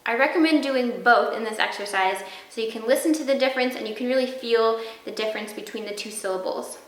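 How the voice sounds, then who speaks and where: A woman flute teacher giving a clear, step-by-step lesson and sounding out practice syllables. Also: on the high side, fast talker, roomy sound, slight background noise, rough recording. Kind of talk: instructional video lesson.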